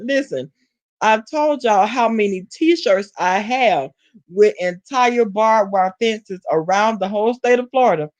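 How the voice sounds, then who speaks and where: Southern woman vlogger, sassy live-chat gossip, laughs a lot, mid-pitched. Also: darkish tone, lo-fi sound. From Alabama. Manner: sassy, talks straight to chat, laughs often. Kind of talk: casual live-stream gossip.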